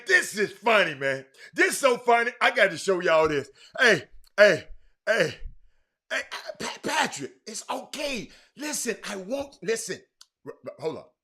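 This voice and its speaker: A man hosting a sports talk stream with a Houston accent, loudly calling out viewers by name, repeating himself and talking over the chat. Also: high voice. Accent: Southern US, Houston. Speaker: sports talk show host. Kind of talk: animated live-stream sports talk, reading viewer comments.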